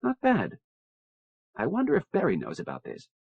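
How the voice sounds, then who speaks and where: A man's voice: fairly high pitch, wildly swooping pitch, moderate pace, creaky, breathy edge, exaggerated voice. A man voicing an easygoing, inquisitive male spacer, on a dull lo-fi cassette recording. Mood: curious.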